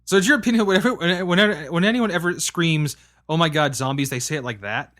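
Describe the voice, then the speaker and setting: A man's voice: on the high side, fairly quick, fairly bright tone, faint music behind. A man co-hosting a podcast, chatting casually, teasing his partner with exasperated, swearing banter. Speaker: podcast co-host. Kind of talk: casual banter about games and media.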